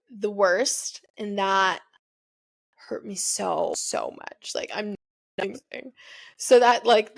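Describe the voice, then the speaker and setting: A young woman hosting her own show, telling a personal breakup story in a rambling, confessional way, full of "like" and "you know". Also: medium pitch. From United States. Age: young adult. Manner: rambling, heavy use of "like", emotional confessional. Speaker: podcast host.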